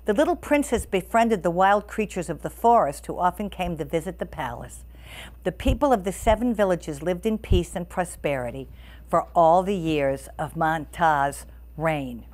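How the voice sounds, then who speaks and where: A woman reading a storybook aloud to listeners as the storyteller, expressive and animated. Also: fairly low pitch, moderate pace.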